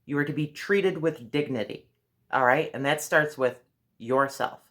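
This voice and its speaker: A woman's voice: deep voice, normal speed, a bit bright. A woman vlogger giving earnest, direct advice in a casual monologue.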